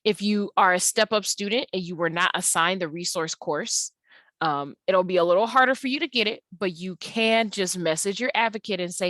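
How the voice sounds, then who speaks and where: A woman English tutor giving an online lesson, explaining patiently and stretching words out slowly to show how they sound. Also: lowish voice, a bit bright, no echo.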